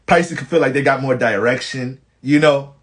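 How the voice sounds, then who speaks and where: Man from the Bronx, New York accent, mid voice, profane and animated casual astrologer. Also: medium pitch, moderate pace.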